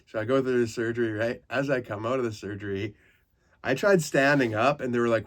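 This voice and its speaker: A man from Canada, a comedian hosting a podcast, telling rambling, profane stories in casual comic style that turn loud and animated in the retellings. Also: medium pitch, a little fast.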